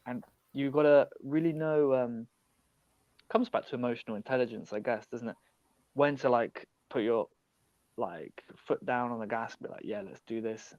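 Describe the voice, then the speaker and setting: A British man, a podcast guest, talking in a lively, animated way over a remote call. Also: medium pitch, normal speed, no echo. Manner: animated, acts out learners' inner voices. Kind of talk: casual chat. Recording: dull lo-fi call audio.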